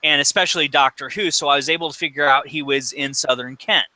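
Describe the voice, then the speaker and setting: A man's voice: on the high side, quick pace, pushed and bright, no echo, rough recording. A man speaking as a guest in casual chat, matter-of-fact.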